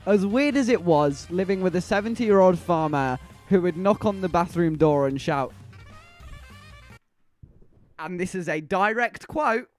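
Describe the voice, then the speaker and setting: A man streaming live, telling his chat a story in a bright, high voice that leaps up and down. He laughs easily and teases his viewers. Faint music plays behind him. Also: measured pace, long pauses. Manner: animated, laughing, teasing the chat.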